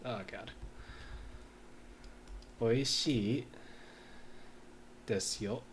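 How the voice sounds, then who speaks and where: A man in a casual study session, reading lines aloud slowly and mumbling as he writes and sounds out words. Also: mid-range voice, a little hiss or hum. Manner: slow, mumbling while writing, sounds out words. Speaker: language learner.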